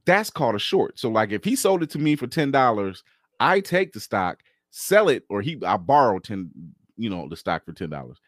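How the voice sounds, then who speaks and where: A man's voice: fairly low pitch, very animated, moderate pace, dry recording, clean studio sound. A man co-hosting a podcast in casual chat, explaining things at length and laughing often. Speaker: podcast co-host.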